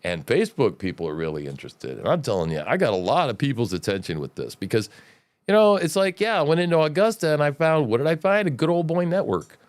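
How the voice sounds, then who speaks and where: A man's voice: fairly high pitch, very animated, fast talker, dry recording. A man hosting his own livestream, giving blunt, profane political and religious commentary in a preachy rant, with mocking quotes of opponents. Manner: jumps between mocking quotes and lectures. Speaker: livestream show host.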